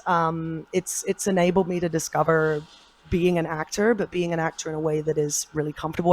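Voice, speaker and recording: A woman's voice: lowish voice, rough recording. A woman with an English accent, a voice actor chatting in a casual convention interview, bubbly and laughing often. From England. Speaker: voice actor guest.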